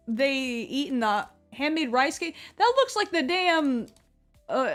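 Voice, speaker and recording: Chatty high-voiced woman streamer. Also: slow, faint music behind. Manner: chatty, excitable, swears casually, gets loud when surprised. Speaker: gaming streamer. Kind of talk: casual live-stream commentary.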